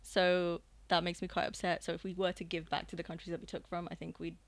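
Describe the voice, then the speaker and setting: British-accented woman guest, kinda low, gravelly, relaxed podcast chat. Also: fast talker, dry recording. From United Kingdom. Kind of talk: casual chat.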